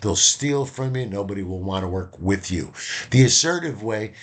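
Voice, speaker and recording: Man giving a lively casual lesson. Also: lowish voice, normal speed. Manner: lively, acts out little dialogues. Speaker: instructor.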